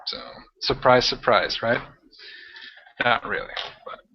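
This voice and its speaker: Guy running a tabletop game, mid pitch, kinda rambly, dull muffled audio. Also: a little hiss or hum. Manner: rambling, halting, many restarts. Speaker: game master.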